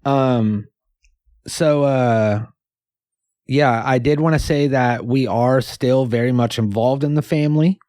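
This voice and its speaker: A man with a mid-range voice co-hosts a comedy podcast, delivering jokes deadpan with loose, rambling asides. The recording is close and dry, with no room sound. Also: medium pitch, slow, dry recording. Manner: deadpan joking, rambling with fillers. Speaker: podcast co-host. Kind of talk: casual comedy chat.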